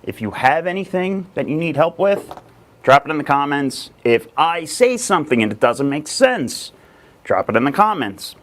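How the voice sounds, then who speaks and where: A man's voice: fairly high pitch, very animated, normal speed, a bit bright. A man hosting a casual live stream about real estate, talking energetically with lots of fillers and rambling asides. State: a little out of breath.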